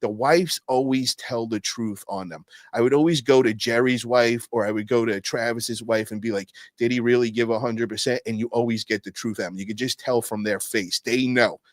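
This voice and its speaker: A man's voice: mid-range voice, steady tone, brisk, hardly any pauses, dry recording. A man telling stories on a podcast in casual, profane chat, acting out quotes with big jumps in voice and peppering his talk with "bro".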